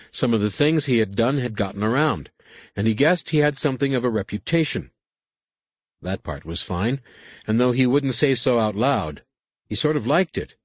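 Guy reading an audiobook, low husky voice, lots of up and down, dry close mic. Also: a little mellow, dry recording. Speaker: audiobook narrator. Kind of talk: scripted narration.

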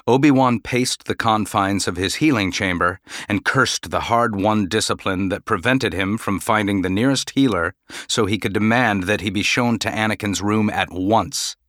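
In a lowish voice, a man narrates an audiobook with a measured, even storytelling delivery. The recording is clean studio sound with no echo.

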